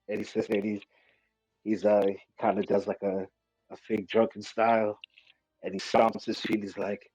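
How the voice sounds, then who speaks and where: A man's voice: on the low side, measured pace, pauses often, husky, dry recording, dull audio, faint music behind. A man playing a tabletop game, casual and profane, laughing often. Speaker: player. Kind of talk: tabletop game banter and in-character narration.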